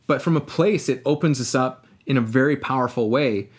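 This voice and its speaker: A man's voice: mid-range voice, a little fast, husky. A man co-hosting a casual podcast, talking reflectively and thinking aloud as he goes. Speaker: podcast co-host.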